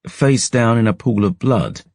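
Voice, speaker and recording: A man's voice: on the low side, expressive, a little slow, darkish tone, no room sound, clean studio sound, pitched above the performer's own voice. A man voicing a young, touchy initiate of a holy order who sounds flustered and indignant.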